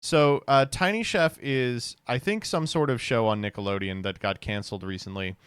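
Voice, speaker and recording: A man's voice: mid-range voice, normal speed, clean tone, dry recording, studio quality. A young man streaming, giving sardonic, incredulous reaction commentary with laughing asides.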